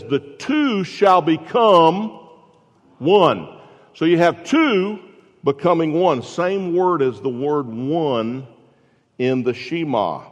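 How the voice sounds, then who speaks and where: A man pastor delivering a sermon, asking the congregation questions and dropping from loud emphasis to hushed tones. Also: on the high side. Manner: preaching with rhetorical questions, swings from loud to hushed. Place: church sanctuary. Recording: long reverb in a large hall.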